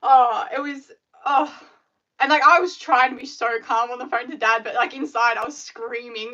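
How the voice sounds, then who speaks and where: Chatty bright woman, lo-fi. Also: a little high, normal speed. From Australia. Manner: chatty and animated, filler-heavy storytelling. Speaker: scrunchie maker hosting a live stream. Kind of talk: casual live-stream chat.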